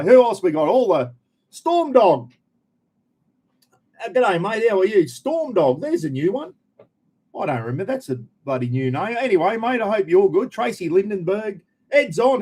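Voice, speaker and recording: A man's voice: on the high side, a little mellow. A middle-aged Australian man hosting a casual live stream, chatting away and greeting viewers by name.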